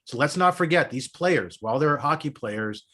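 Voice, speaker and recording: A man's voice: a little high, animated, normal speed, bright, forceful tone. A man in his thirties or forties, a co-host on a sports podcast, who talks in an earnest, persuasive way and argues his points at length. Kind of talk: casual sports chat.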